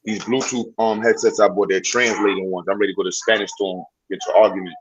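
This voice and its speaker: Fast-talking husky man. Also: on the low side, poor audio. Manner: blunt, excitable, slangy. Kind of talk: casual chat.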